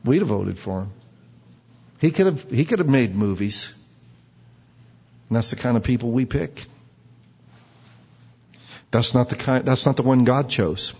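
A man's voice: mid-range voice, measured pace, long pauses, darkish tone, slightly rough. A man preaching a sermon who quizzes the congregation and acts out quotes. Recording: dull recording with long hall reverb.

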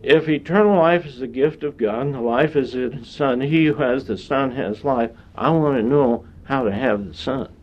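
A man preaching a sermon in a slow, deliberate way, with long pauses between phrases. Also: mid-range voice. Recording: dull lo-fi sound.

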